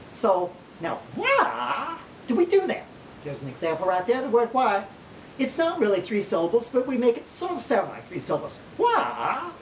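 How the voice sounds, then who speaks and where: In a slow Oklahoma drawl with a darkish tone, a man plays a folksy naturalist giving a comic mock lecture, pitch swinging as he works through numbered points. The recording is roomy and echoey, the voice set back from the mic, with slight hiss or hum.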